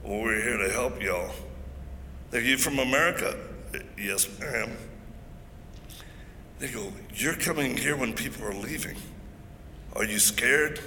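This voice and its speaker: Forceful preaching man in an echoey hall. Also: mid-range voice, a little slow, pauses often. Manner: emphatic, joking storyteller. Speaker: event speaker. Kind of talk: preaching-style speech. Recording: echoey hall, faint noise.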